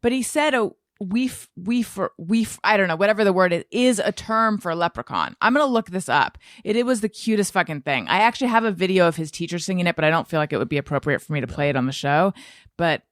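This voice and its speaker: Woman podcast host, lively swooping voice, low-ish pitch, dry close sound, playful and teasing. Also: quick pace, no room sound. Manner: playful, teasing, sings snatches of song. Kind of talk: casual chat. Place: studio.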